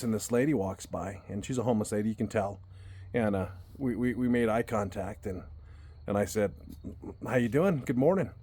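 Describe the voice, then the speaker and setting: A man's voice: fairly low pitch, darkish tone. A man telling a personal story to his viewers in a casual, earnest way, often restarting and repeating words as he goes. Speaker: vlogger.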